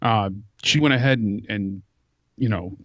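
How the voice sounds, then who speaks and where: A man's voice: lowish voice, measured pace, dry recording, dull audio. A man co-hosting a wrestling review stream, talking in a conversational, mildly critical way. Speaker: co-host. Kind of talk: casual remote commentary.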